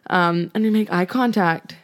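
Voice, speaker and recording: Rambling low-voiced young woman co-host. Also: normal speed. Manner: self-deprecating, rambling with many fillers. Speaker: podcast co-host. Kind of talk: casual chat.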